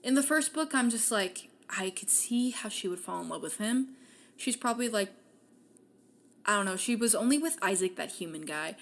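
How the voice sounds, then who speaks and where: A woman's voice: medium pitch, normal speed. A young woman hosting a podcast, casually retelling a fantasy novel with lots of swearing and acted-out lines. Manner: animated, acts out characters' lines, swears freely. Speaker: podcast host. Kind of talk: casual book recap.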